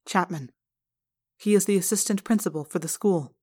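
A woman reading an audiobook aloud in the first person, with steady, measured narration. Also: lowish voice, breathy edge. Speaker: audiobook reader.

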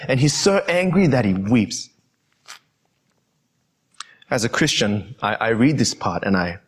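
A young adult man preaching a sermon, earnestly addressing his listeners as friends. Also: fairly high pitch.

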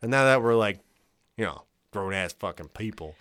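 Casting: young male podcast co-host, bright voice, rambling and profane, dry close sound. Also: on the low side, lively intonation, normal speed, clear, resonant tone, dry recording. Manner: rambling, profane, laughs a lot. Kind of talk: casual chat. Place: home bedroom.

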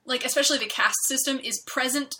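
A young woman co-hosting a podcast, chatting in a rambling, animated way. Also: high voice, a little hiss or hum. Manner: rambling, animated, quick to laugh. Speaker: podcast co-host. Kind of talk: casual chat.

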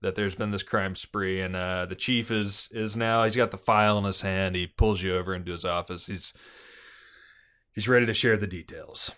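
Low-voiced man running a tabletop game. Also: fairly even intonation, normal speed, fairly bright tone, clean tone. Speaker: game master.

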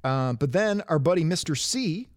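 A man with a slightly higher voice riffs through a casual podcast chat, recapping a story and tossing in jokey asides. The sound is close and dry, with no room around it. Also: animated, normal speed, no room sound. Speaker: podcast co-host.

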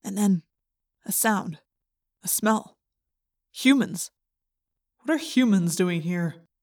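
A woman narrating an audiobook in the first person, measured and suspenseful in a mid-pitched voice. The recording is dry and close to the mic, with no room around her. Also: lively intonation, no room sound.

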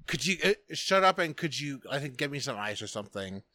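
Retelling a movie scene by scene in casual chat, this male podcast co-host rambles profanely, restarting often and leaning on fillers. He speaks briskly in a somewhat high, slightly bright voice with big pitch swings, and there's no echo.

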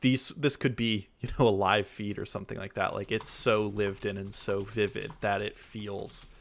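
A man co-hosts a casual film podcast. His voice is low and gravelly, and he rambles in a relaxed way, restarting his sentences as he goes. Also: moderate pace. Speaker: podcast co-host.

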